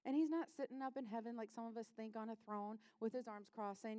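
A woman pastor delivers a sermon in a church sanctuary, her fairly high, warm voice steady and quick. She's conversational yet impassioned, acting out voices of people and of Jesus and falling to near-whispers in tender passages.

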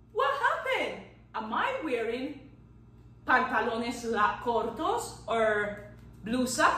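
Playful woman teacher for children, high and slow-paced, echoey room. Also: far from the mic. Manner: animated and playful, claps out syllables, counts down magic tricks. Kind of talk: children's language lesson.

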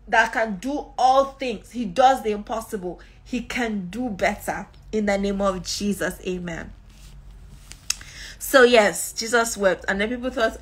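Woman preacher, emphatic, higher-pitched, sermon and loud prayer. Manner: emphatic, prays aloud in tongues.

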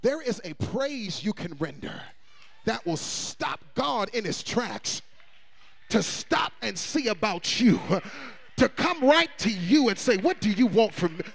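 A male pastor preaching a sermon, swinging between shouts and hushed asides and calling on the congregation to respond. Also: high voice, big pitch swings, measured pace, creaky. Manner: call-and-response prompts to the congregation.

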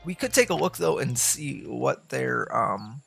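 Brief: male let's-play host, gravelly fry, lively pitch, musing aloud at his game, soft game music under him. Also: a little slow. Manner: thinking aloud, chatting to the game's students. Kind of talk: casual gameplay commentary.

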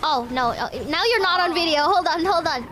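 A woman with a high voice chats her way through a crime-game role-play, telling the other players what to do. Faint game sound runs behind her. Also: animated, a little fast, fairly bright tone, slight background noise.

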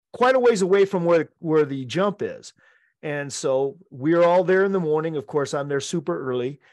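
A middle-aged man co-hosting a podcast tells an animated story among friends, laughing often and acting out the quotes. His voice is a little high, and the recording is dry and studio quality.

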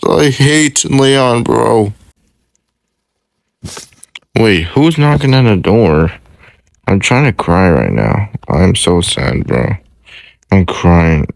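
A man's voice: fairly low pitch, huge pitch swings, measured pace, gravelly, no room sound, full character voice. A man playing a sad, stressed young male hero who rambles and repeats himself in a casual fan roleplay. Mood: gloomy.

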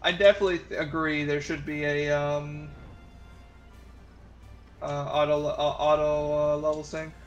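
Guy rambling in a gaming voice chat, kinda high voice, some music faintly behind. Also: level tone, moderate pace, long pauses, highs cut off. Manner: rambling, restarts with fillers. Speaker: gamer in voice chat. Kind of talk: casual chat while gaming.

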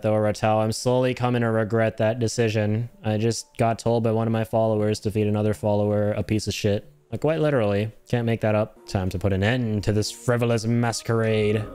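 A man streaming a video game, reacting loudly to his chat, swearing, laughing and yelping in surprise. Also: normal speed, few pauses, clear, resonant tone. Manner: excitable, swears, frequent laughs and sudden high yelps.

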